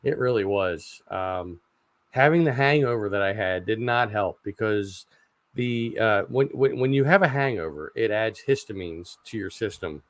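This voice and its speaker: A man in his forties hosting a casual livestream chat, rambling and halting with lots of fillers and repeated words. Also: fairly low pitch, expressive, no echo. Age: 40s. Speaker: channel host.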